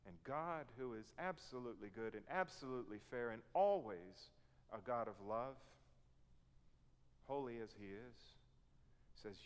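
Male preacher, mid-pitched, earnest sermon, long hall echo. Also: lively intonation, unhurried, long pauses. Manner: earnest, emphatic, acts out complaints in raised voice. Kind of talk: sermon with scripture reading.

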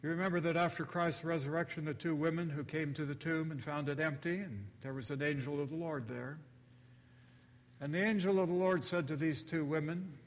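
A male pastor preaching a sermon, telling the story slowly and deliberately and acting out the quotes. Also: on the high side. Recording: long reverb of a large hall.

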